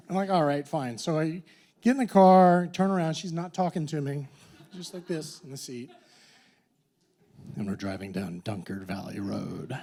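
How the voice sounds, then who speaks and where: Storyteller: middle-aged man, high, very lively voice, playful, performs the screams himself. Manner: animated, playful, acts out screams. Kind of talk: live story slam telling.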